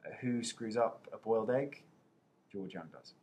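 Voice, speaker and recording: A man's voice: on the low side, normal speed, darkish tone, slightly rough. A young man with an English accent, casually answering viewers' questions over a webcam, chatty and poking fun at himself. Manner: chatty, self-mocking, playful.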